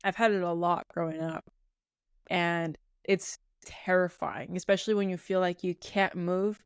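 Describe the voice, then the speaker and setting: Lower-voiced woman with a smooth, dry sound. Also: steady tone, measured pace, dry recording. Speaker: podcast co-host. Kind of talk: casual chat.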